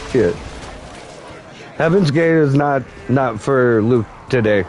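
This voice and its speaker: A man's voice: mid-range voice, slow pace, pauses often, music in the background, poor audio. Joking man rambling over gameplay. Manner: joking, rambling, laughs a lot. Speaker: gaming channel host. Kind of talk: casual gaming commentary.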